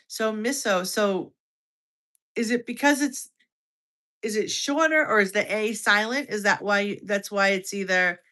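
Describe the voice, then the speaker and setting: An American woman over fifty hosts a casual health livestream, her medium-pitched voice bright and forceful. She's chatty and keeps restarting sentences as she reacts to viewer comments.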